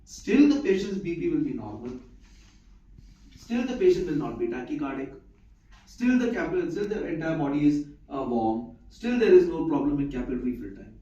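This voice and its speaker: A man's voice: on the high side, very animated, brisk, warm tone. A man lecturing a live class, repeating key points and checking whether his listeners follow. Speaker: medical lecturer. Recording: echoey, distant, muffled room recording.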